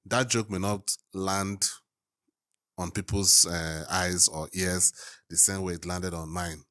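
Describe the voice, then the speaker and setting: A man from Africa hosting a casual reaction video, musing and thinking aloud with pauses. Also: low-pitched, steady tone, pushed and bright.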